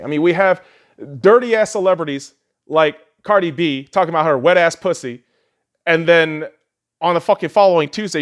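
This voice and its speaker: A man's voice: fairly high pitch, lively intonation, fairly quick, a bit bright. A man hosting a podcast, ranting heatedly and sarcastically, swearing often. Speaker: podcast host. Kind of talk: profane solo rant.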